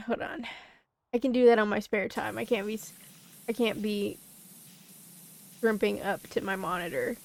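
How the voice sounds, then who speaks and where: A woman's voice: medium pitch, fairly even intonation, moderate pace, gravelly, long pauses, a little mellow, no echo. A woman streaming a game, chatting casually and muttering to herself as she plays. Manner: mutters to herself while playing.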